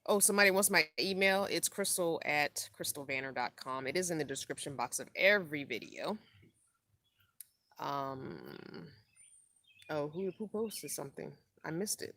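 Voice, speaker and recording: This middle-aged woman vlogs about van life and is hosting a relaxed live stream while worn out from too little sleep. Her low voice is animated and sharp-toned at a moderate pace as she rambles easily and reads out comments from viewers.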